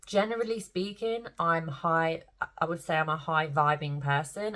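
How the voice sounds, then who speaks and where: A middle-aged woman speaks to camera in a casual, rambling vlog. She sounds emotional and close to tears, yet talks openly and swears freely. Her voice sits a little low. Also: moderate pace, fairly bright tone. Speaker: spiritual vlogger.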